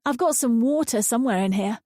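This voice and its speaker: A woman's voice: a little high, fairly quick, dark tone, dry recording, studio quality, voice pushed up, lightly acted. A woman voicing a polite, slightly hesitant young woman who has just arrived somewhere new. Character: young woman, polite newcomer, a little awkward.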